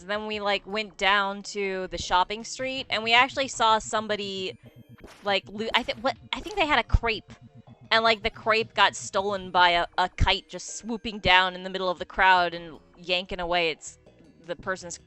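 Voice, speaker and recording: A woman's voice: medium pitch, measured pace, smooth, soft background music. A young woman from the United States co-hosting a game stream, telling stories with lots of laughter and fillers. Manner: animated storyteller, laughs often, many fillers. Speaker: streamer co-host. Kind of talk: casual chat over gameplay.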